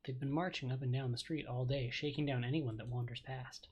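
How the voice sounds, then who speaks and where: A man voicing a tough, street-wise woman who gives a brisk, friendly warning. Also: mid-range voice, fairly even intonation, darkish tone, husky, lo-fi sound, lightly acted.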